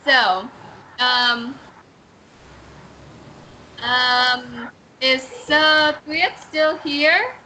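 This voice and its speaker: A woman leads an online reading lesson over a video call, her high voice bright and crisp. She talks slowly, hesitates, and corrects herself often. A faint hiss sits behind her. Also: rough recording. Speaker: English teacher.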